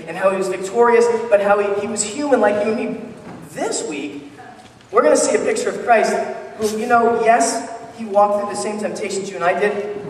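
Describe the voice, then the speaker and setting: A male pastor preaching a sermon in a conversational, animated way, often restarting his sentences. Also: high-pitched, slight background noise. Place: church sanctuary. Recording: echoey church hall, distant mic.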